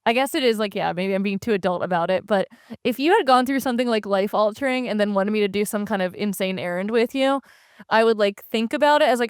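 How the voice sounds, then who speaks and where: A woman's voice: medium pitch, fast talker, clean tone, no room sound, clean studio sound. A woman co-hosting a podcast, recapping a story in casual chat with many fillers. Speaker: podcast co-host.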